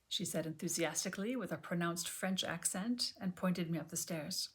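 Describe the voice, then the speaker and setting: Gentle, low-voiced woman reading an audiobook. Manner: gentle, measured reading that drops to a near whisper. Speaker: audiobook reader. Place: home, on a sofa.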